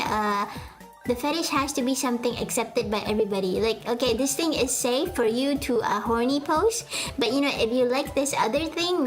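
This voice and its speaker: A young woman streamer with a fairly high voice, rambling casually to her chat and mocking herself as she goes. Her talk is full of fillers and restarts. Faint music plays softly behind her. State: sweaty.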